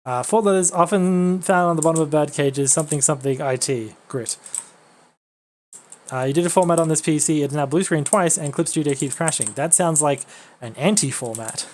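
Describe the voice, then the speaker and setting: A woman's voice: sits low, normal speed, a little mellow. A woman streaming a game, chatting casually and playfully with her chat. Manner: playful, breaks into silly voices.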